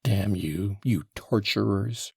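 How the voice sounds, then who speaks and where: A man reading an audiobook, voicing an agitated young former soldier under questioning who turns defensive and bursts out loudly. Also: lowish voice, slow pace, creaky, husky, no room sound, clean studio sound, heavily acted. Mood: despairing. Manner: defensive, flaring into loud outbursts.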